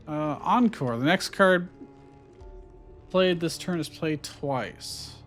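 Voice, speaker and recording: A man's voice: on the high side, expressive, slow, fairly bright tone, soft background music. A man giving casual let's-play commentary, thinking aloud and musing over his choices with fillers. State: hiccuping. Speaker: gameplay streamer.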